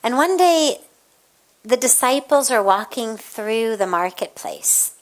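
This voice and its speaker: A woman spiritual teacher giving an evening satsang talk, telling a story in measured, deliberate phrases and acting out the voices in it. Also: a little high, lively intonation. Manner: storytelling, acts out quoted voices.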